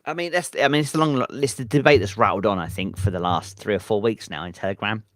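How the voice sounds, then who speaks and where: A man's voice: on the low side, fast talker, fairly bright tone, no echo, studio quality. A man hosting a late-night livestream, reading viewer chat and thinking aloud in a hesitant, rambling way with lots of ums. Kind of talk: casual live-stream chat. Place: home at midnight.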